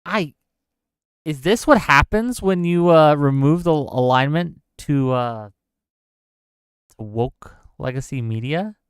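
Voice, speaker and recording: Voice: mid-range voice, expressive, slow pace, pauses often, clean tone, no room sound, studio quality. A live-stream show host giving incredulous, exasperated commentary, laughing in disbelief and reading out viewer chat. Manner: exasperated, many filler "okay?" tags.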